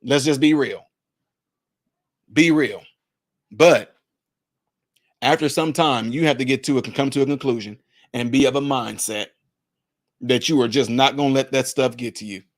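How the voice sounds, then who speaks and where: A man's voice: mid-range voice, moderate pace, long pauses. A man giving emphatic, preachy spoken commentary, repeating his points to hammer them home. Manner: acts out what others say in put-on voices. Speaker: commentary vlogger.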